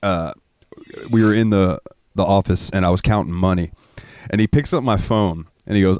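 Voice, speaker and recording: A man's voice: deep voice, normal speed, a little mellow, no room sound. A young man co-hosting a podcast, telling crude stories in casual chat and laughing often. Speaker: podcast co-host.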